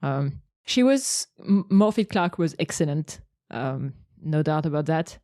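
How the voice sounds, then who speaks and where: Hesitant woman with a mellow, low voice. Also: animated, a little slow, dry recording, clean studio sound. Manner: hesitant, many fillers. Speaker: podcast co-host. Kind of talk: casual chat.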